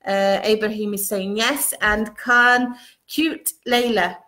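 A woman's voice: medium pitch, fairly even intonation, slow, sharp tone. A woman hosting a casual live stream, reading viewer comments aloud and adding Arabic blessings between them.

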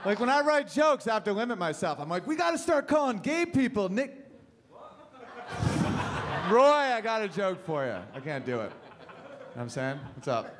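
A man's voice: high voice, sing-song, a little fast, a bit bright. A man performing a stand-up set on a comedy club stage, telling loose, rambling stories and swearing freely. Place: comedy club stage before a live audience. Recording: live club recording with crowd and noise.

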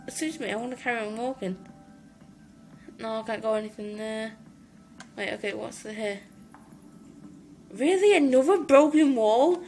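An excitable Irish woman chatting through gameplay as a let's play host. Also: sits high. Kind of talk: gaming commentary.

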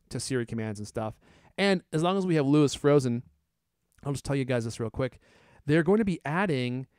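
A man hosting a casual tech podcast, chatty and relaxed as he talks. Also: mid-range voice, smooth, no room sound, studio quality. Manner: casual and chatty, laughing now and then. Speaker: podcast host.

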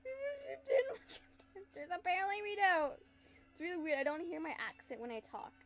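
Very high-voiced woman streamer, playful, goofy, chatty, faint music behind. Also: fairly quick. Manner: playful and silly, jumping between goofy voices and giggles. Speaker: livestreamer. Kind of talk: casual live game-stream chatter.

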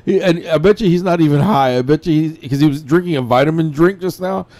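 A man from India giving casual, profane reaction commentary, laughing often and clearly amused. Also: on the high side, quick pace, darkish tone. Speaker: commentator reacting to a street video.

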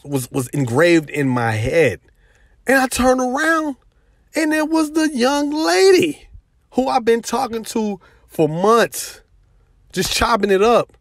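A man vlogging, telling a personal story in a casual, animated way with lots of "you know" fillers, as a commentary host. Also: sits high, dry recording, studio quality. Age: adult with daughters. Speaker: video host.

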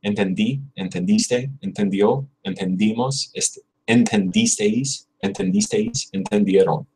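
A man hosting a casual livestream, thinking aloud and chatting with viewers while he drills verb conjugations, repeating words slowly and correcting himself. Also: fairly low pitch, sing-song, vocal fry, a little mellow, rough recording. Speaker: livestream host studying Spanish.

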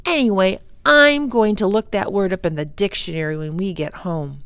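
A woman voicing a cocky, teasing boy in a storybook, speaking loudly and taunting. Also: mid-range voice, moderate pace, clear, resonant tone, no echo, lightly acted. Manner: loud, taunting.

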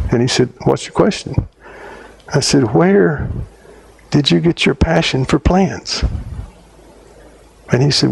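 A middle-aged male theologian with a gravelly voice tells a story during a talk. He's an animated storyteller whose phrasing halts and restarts mid-sentence, and his voice climbs sharply high whenever he acts out his own lines.

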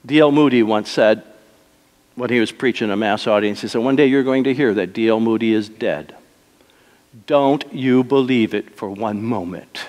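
A man's voice: mid-range voice, normal speed. Preaching man in a reverberant church. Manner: preaching with wide swings between soft and emphatic. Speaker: pastor. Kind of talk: sermon. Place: church sanctuary. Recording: long reverb of a church hall.

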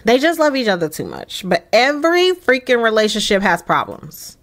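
A young woman hosting a life-sim let's play, giving casual, chatty and emphatic gameplay commentary with excited bursts. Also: fairly high pitch, moderate pace.

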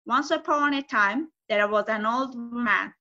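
Slow, bright-voiced teacher. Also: female voice, a little high. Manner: halting non-native English, slow careful reading. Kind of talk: reading a folk tale aloud in a lesson presentation. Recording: dull lo-fi recording.

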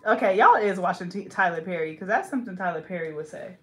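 A woman's voice: on the low side, animated, fast, a bit bright, reverberant, soft background music. A young woman from California, a hair braider, chatting playfully and teasing while she works, laughing often. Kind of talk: casual chat while braiding.

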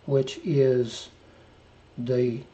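A man teaching a verse-by-verse Bible lesson, reading scripture slowly and deliberately, then dropping into quiet, offhand asides. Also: mid-range voice, fairly even intonation. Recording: muffled lo-fi recording.

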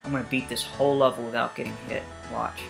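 A let's-play gamer giving casual commentary to viewers, swearing heavily, with loud angry outbursts and sarcastic asides. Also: medium pitch, little pitch movement, quick pace, gravelly, music in the background.

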